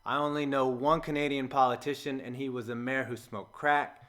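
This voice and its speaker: An American man giving a sarcastic, jokey, scripted voice-over, with sudden loud outbursts between flat asides. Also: medium pitch, normal speed. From United States. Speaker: comedy video host.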